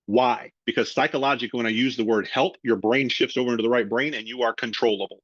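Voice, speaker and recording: A man's voice: medium pitch, fairly even intonation, fast talker, a bit bright, dry recording. A middle-aged man giving a webinar sales training and acting out both sides of phone calls. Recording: dry, slightly dull lo-fi audio.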